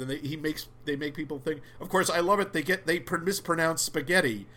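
Animated man retelling film scenes. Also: a little high, brisk, hardly any pauses. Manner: animated storyteller, recounting scenes. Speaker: podcast co-host. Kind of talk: casual film review chat.

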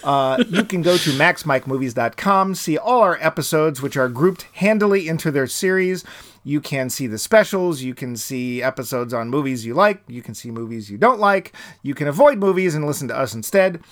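A man's voice: fairly high pitch, lively intonation, moderate pace, fairly bright tone. A man co-hosting a movie podcast, talking casually and reading plugs with jokey mock hype. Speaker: podcast co-host. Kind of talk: casual chat.

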